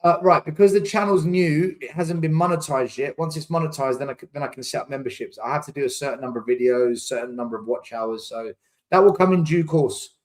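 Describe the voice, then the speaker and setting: A man's voice: medium pitch, fast. A man hosting a casual live chat, ranting in exasperation and repeating words for emphasis. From England. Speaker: fan channel host reading live chat.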